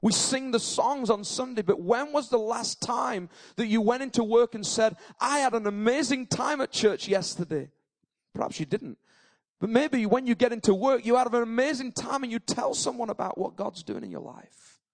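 High-voiced preacher. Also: male voice, moderate pace. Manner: conversational storytelling building to fervent, emphatic preaching. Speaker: pastor. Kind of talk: sermon.

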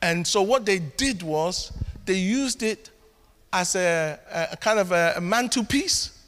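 A man preaching a sermon as pastor, animated and storytelling with acted asides. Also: sits high, measured pace. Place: church hall. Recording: long hall reverb.

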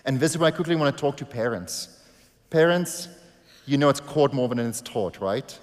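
A man preaching a sermon as a pastor, telling a story and rising into loud, emphatic bursts. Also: mid-range voice, expressive, normal speed. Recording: long hall reverb.

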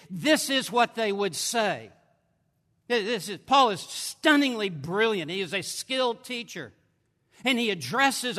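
A man preaching a sermon at a conference, emphatic, swinging between forceful declarations and hushed asides. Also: sits high. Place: large conference hall. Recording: long hall reverb.

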